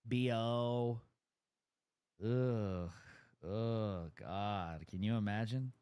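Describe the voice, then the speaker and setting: A man's voice: on the low side, extremely slow, warm tone, smooth, no room sound. A man streaming live, giving mocking, insulting running commentary over clips.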